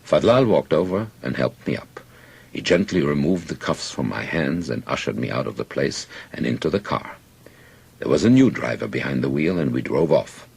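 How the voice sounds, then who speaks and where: A man narrating an audiobook in first person with measured storytelling. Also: a bass voice, creaky, a little mellow, breathy edge.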